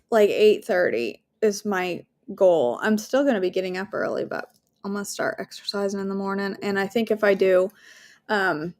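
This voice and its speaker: A woman hosting a daily devotional, talking earnestly and casually and leading a prayer from home. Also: mid-range voice. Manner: warm, earnest, conversational, with fillers and asides.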